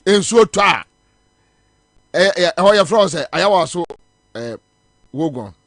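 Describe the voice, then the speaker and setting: A man's voice: high-pitched, animated, measured pace, a bit bright, no room sound. A man with a Ghanaian accent, hosting a talk show and commenting on viral videos, switching between Twi and English.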